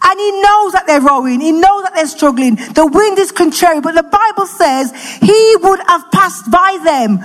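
A woman with a very high voice preaches a passionate sermon that builds to shouting, recorded in an echoey church hall.

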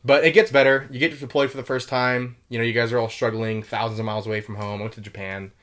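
A man's voice: mid-range voice, fairly even intonation, fairly bright tone. A young man telling war stories in a casual chat, loose and full of fillers and swearing. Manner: swears a lot, quick and loose with many fillers. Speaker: podcast host telling military stories.

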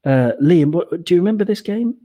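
A man's voice: high-pitched, animated, fairly quick, mellow. A man hosting a casual football podcast, talking with many fillers and restarts. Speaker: podcast host.

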